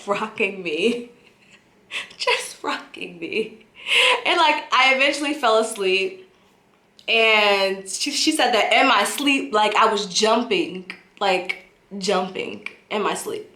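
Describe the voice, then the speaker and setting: A young adult woman telling a story time in a vlog, animated and dramatic, often breaking into laughter. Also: on the high side. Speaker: vlogger. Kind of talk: casual storytelling. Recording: roomy echo.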